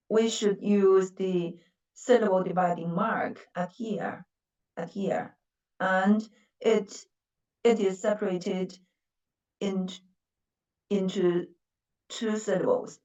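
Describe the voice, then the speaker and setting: A woman's voice: medium pitch, darkish tone, roomy sound, recorded from a distance, highs cut off. A woman with a Chinese accent and Mandarin as her first language, teaching a language lesson patiently and repeating words with stressed syllables.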